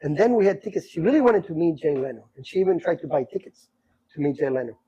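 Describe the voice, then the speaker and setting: A middle-aged man telling stories from his life in a casual chat, animated and repeating himself as he acts out what people said. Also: fairly high pitch, fast, breathy edge, highs cut off. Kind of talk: casual storytelling.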